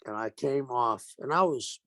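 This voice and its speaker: An older man, a retired pro wrestler, telling animated stories in an interview and acting out the quotes. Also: mid-range voice, moderate pace, no echo. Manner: animated anecdotes with acted-out quotes. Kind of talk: storytelling interview.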